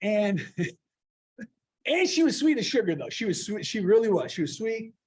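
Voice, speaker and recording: A middle-aged man giving a storytelling speech at a club meeting, lively and anecdotal, acting out the people in his stories. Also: high-pitched, measured pace, a little hiss or hum. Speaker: guest speaker. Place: meeting room.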